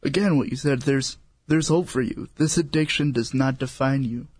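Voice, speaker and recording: An earnest man speaks as a guest on a faith talk show, recorded dry and close. His pitch is ordinary and his tone encouraging, and he often repeats himself. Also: moderate pace, a little mellow, breathy edge, no echo.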